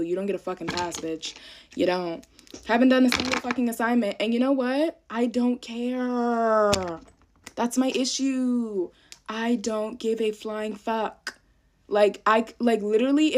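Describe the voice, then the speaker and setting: A woman's voice: on the high side, noisy background. A young woman, a college student, in a profane, self-deprecating rant to camera while getting ready. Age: young adult.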